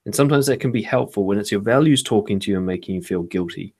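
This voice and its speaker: A man talking in a relaxed podcast conversation as a guest author, acting out other people's thoughts and swearing casually. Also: fairly low pitch, fast, husky. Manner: animated, acts out quoted thoughts, swears casually.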